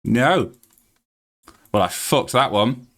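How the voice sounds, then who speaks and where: Excitable, swearing British streamer man. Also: mid-range voice, slow pace. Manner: excitable, swears freely, laughs often. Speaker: game streamer. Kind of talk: live-stream chat while gaming.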